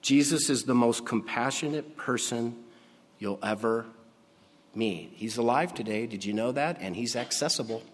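A man preaching a sermon, slow and emphatic, dropping to a hush on key words, in a church sanctuary. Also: mid-range voice, slight background noise. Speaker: pastor. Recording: long hall reverb.

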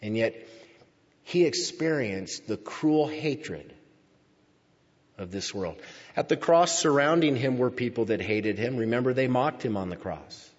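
Slow husky preacher in a reverberant hall. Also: male voice, medium pitch, animated. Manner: slow deliberate preaching, drawn-out emphatic words. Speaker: pastor. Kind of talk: sermon reading and explaining scripture. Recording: dull sound with long hall reverb.

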